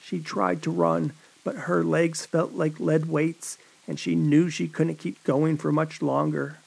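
A man's voice: fairly high pitch, level tone, a little slow, vocal fry, darkish tone, slightly rough. A man narrating a horror story in a dramatic storytelling manner. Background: rain.

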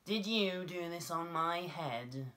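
A man voicing a short-sighted, indignant little male mole in a children's storybook reading, asking his questions in a high, slow, plaintive way. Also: expressive, sharp tone, heavily acted.

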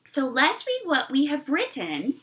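Female teacher, middle-aged, talks slowly to young children and sounds out words; animated, somewhat high voice. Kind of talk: online kindergarten writing lesson.

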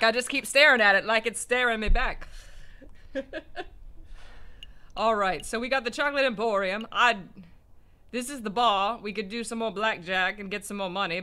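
A man's voice: high-pitched, moderate pace, pauses often, pushed and bright, smooth. A man with a Southern US accent, rambling and joking as he comments on a game he's playing. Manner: rambling, self-mocking, laughs often. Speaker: let's play co-host. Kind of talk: casual gameplay commentary.

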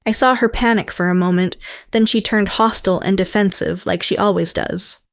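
A woman's voice: medium pitch, steady tone, normal speed, vocal fry, dry recording. Woman narrator for a story channel, matter-of-fact, dry close sound. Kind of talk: first-person story narration.

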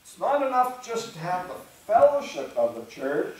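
A male pastor delivers a sermon in a relaxed, conversational way, often clearing his throat and slipping into the voices of imagined churchgoers. His voice sits a little high for a man. He is heard from a distance in a heavily reverberant church room. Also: a little slow, a little hiss or hum. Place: church sanctuary. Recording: very echoey church room, speaker away from the mic.

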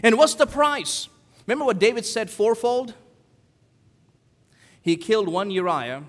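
A male pastor preaching a sermon, dramatic, swinging between loud emphasis and hushed quoted lines. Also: high-pitched, very animated, unhurried. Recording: long hall reverb.

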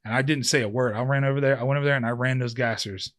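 A man in his thirties speaks very fast with fairly even intonation in a mid-range voice. As a podcast guest and ex-professional football player, he tells a drawn-out, loose story in a casual interview, full of restarts and fillers.

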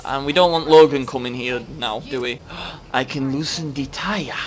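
A young man giving excitable, sweary let's-play commentary over a game. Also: mid-range voice, normal speed. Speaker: gaming YouTuber. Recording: game music behind the voice.

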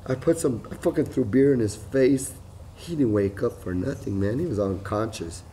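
A middle-aged man with a drawl holds forth in a rambling, profane monologue at an ordinary mid pitch for a man. He repeats himself and swings between loud, excited bursts and low, muttered asides. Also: normal speed, slight background noise. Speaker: vlogger.

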